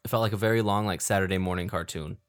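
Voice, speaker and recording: Man, podcast co-host, chatty, drawn-out musing, filler words, lowish voice. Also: fairly even intonation, clean tone. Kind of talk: casual podcast chat about films.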